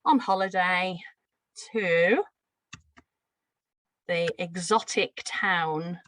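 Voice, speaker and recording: Teacher with a Birmingham accent. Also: female voice, fairly low pitch, very slow, fairly bright tone, no echo, poor audio. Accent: Birmingham (Brummie). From Birmingham, England. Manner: friendly, explanatory, with light laughs. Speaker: teacher trainer. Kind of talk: live teacher-training lesson.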